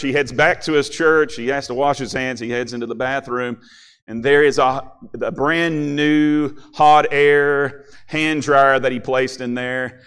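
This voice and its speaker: A man's voice: medium pitch, steady tone, moderate pace, a bit bright, clean tone. Preacher guy cracking folksy jokes in a sermon, then getting earnest.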